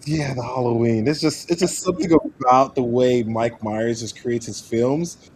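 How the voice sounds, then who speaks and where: A man of average pitch speaking as an actor guest in a relaxed podcast chat. He talks in an animated way and often laughs mid-sentence. A faint hiss sits under the recording. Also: moderate pace. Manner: animated, laughs while talking. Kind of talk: casual podcast interview.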